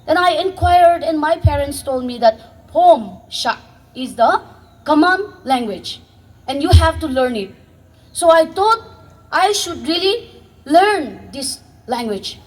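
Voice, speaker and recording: A woman's voice: high voice, rough recording. A woman, addressing young viewers earnestly and passionately. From Northeast India. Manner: impassioned, exhorting, with restarts. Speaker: vlogger.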